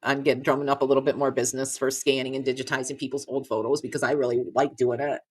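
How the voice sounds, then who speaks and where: Woman, middle-aged, deep-pitched, frustrated rant, swearing, emotional. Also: level tone, fast talker, husky. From Nevada. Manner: exasperated, swearing, repeating herself. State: choked up. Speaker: vlogger.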